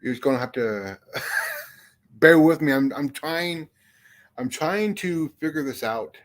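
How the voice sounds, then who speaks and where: On a phone or headset mic, a young male livestream host rambles and curses through a casual live chat, poking fun at himself for not knowing what to do. His voice is fairly high with huge pitch swings, and he speaks slowly.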